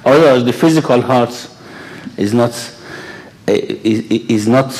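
A man's voice: mid-range voice, takes it slowly, a little mellow. A man giving a religious lecture and taking questions, with dramatic storytelling that drops to a whisper and rises to exclamations. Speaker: speaker answering questions.

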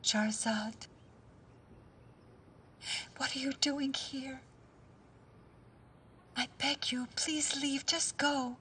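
A frightened woman in a drama, urging and begging in a high, hushed, hurried voice. She is picked up from a distance. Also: animated, a little hiss or hum, exaggerated voice. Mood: hushed urgent. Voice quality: urgent, hushed pleading.

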